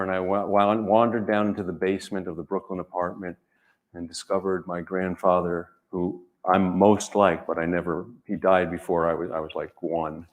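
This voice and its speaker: A low-voiced male author speaks gently and thoughtfully in short, measured phrases before reading aloud from his own work.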